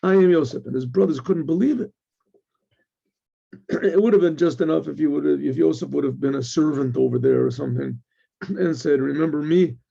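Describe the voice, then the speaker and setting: A man giving an informal Torah lesson, retelling the story with lively quoted lines and clearing his throat often. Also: on the high side, a little fast, pauses often. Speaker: rabbi teaching Torah. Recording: dull lo-fi recording.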